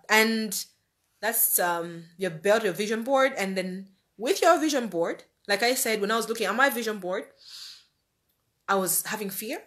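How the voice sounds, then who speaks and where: A woman's voice: medium pitch, a bit bright. A woman giving an earnest, conversational motivational talk rooted in faith, repeating phrases for emphasis. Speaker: life-planning speaker.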